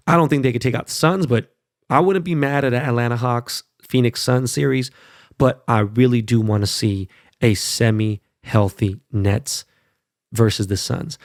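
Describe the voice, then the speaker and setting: A man's voice: medium pitch, creaky, no room sound, studio quality. A man hosting his own podcast, talking bluntly and profanely in a fired-up casual monologue, often tagging lines with "right?" and "okay?". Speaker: podcast host.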